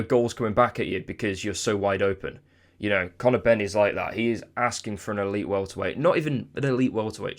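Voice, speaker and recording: A man giving casual solo commentary on boxing, chatty and hedging with asides. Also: fairly low pitch. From United Kingdom. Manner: chatty, hedging with "I mean" and "let's be honest".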